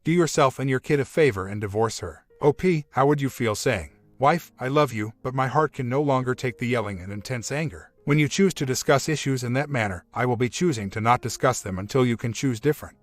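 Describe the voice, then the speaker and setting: A man reading a relationship story aloud as scripted narration, in an even, measured way. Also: medium pitch, no echo. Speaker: story reader.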